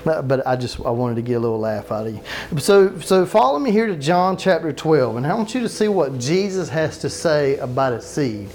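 A pastor giving a sermon to a live congregation, preaching conversationally, asking the people questions, repeating phrases for emphasis and dropping in joking asides. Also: male voice, fairly high pitch, lively intonation, a little fast, darkish tone, slight background noise. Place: church sanctuary with live congregation.

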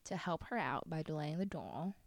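A young woman talks through a book plot as co-host of a casual podcast. Her voice sits a little low, and she bursts into animated, jokey asides. The sound is dry and close, with no room around it. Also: normal speed, dry recording. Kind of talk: casual chat about a book.

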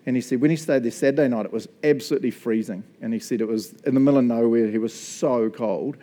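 Mellow-voiced New Zealand preacher, chatty. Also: male voice, medium pitch, quick pace. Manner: chatty, jokey, animated storyteller. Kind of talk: casual sermon with storytelling.

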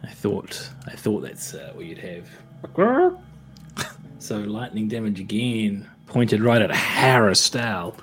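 Male player, lowish voice, jokey, casual swearing. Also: measured pace, hardly any pauses, a bit bright. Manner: joking, laughs, swears casually. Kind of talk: casual tabletop play.

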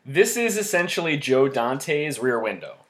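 A man's voice: medium pitch, sing-song, a little slow, fairly bright tone. A man co-hosting a casual movie podcast, talking with lots of fillers and frequent laughter. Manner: laughs often, many fillers. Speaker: podcast co-host.

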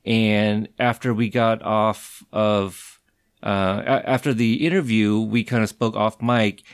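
Low-voiced man interviewing haltingly. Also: steady tone, smooth, no room sound, clean studio sound. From Texas, raised in Pacific Northwest. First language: bilingual with Lao. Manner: halting, stutters and restarts, laughs often. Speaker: podcast host, interviewer. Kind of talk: casual interview conversation.

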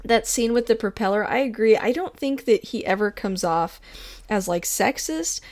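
A woman's voice: medium pitch, lively intonation, normal speed, dry recording. Chatty woman discussing a film. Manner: chatty, laughs often, acts out quoted lines.

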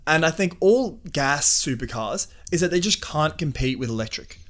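A young man co-hosting a casual podcast chat, excitable and swearing in slangy banter. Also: on the high side, normal speed. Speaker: podcast co-host.

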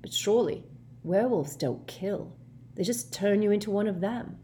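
A woman's voice: mid-range voice, warm tone, a little hiss or hum, voice pushed up, natural voice. A woman voicing an earnest, intense teenage schoolboy in a storybook reading. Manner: earnest, quick.

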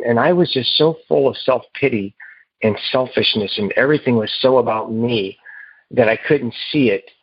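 A man telling his recovery story to a meeting in a halting, earnest way, heard over a phone. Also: mid-range voice, breathy edge, dry recording. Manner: halting and earnest, with repeated restarts. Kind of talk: personal recovery story told to a group. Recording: muffled phone line.

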